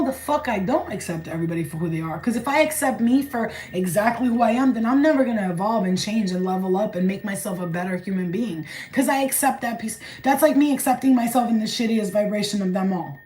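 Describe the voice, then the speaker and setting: A woman with a New York accent, a spiritual channeler giving a blunt, profane, animated vlog message. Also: on the high side, roomy sound, a little hiss or hum, poor audio.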